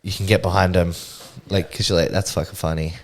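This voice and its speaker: A young man with a fairly low voice who chats in an easygoing way. He keeps the casual podcast conversation moving by bringing up new topics. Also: flat delivery, fairly quick, vocal fry. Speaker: podcast co-host. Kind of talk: casual chat.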